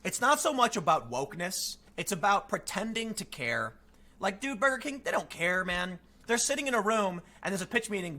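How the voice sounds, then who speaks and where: Young man, streamer, casual rant, sarcastic, bright tone, lively pitch. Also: a little fast. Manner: animated and sarcastic, with frequent mocking quotes. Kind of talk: casual ranting commentary.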